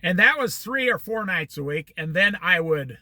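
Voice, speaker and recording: A man's voice: high-pitched, lively intonation, moderate pace, bright, forceful tone, dry recording. A middle-aged man in casual talk, rambling from story to story with religious asides. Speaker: vlogger.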